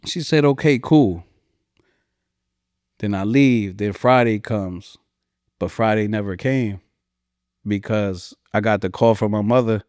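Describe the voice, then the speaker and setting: A man's voice: moderate pace, darkish tone, clean tone, no echo, clean studio sound. A man in his forties from New Jersey with a New Jersey accent, a hip-hop artist talking in a heartfelt, rambling way as a podcast guest. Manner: heartfelt, rambling, voice rises high when recalling. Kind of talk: emotional interview talk.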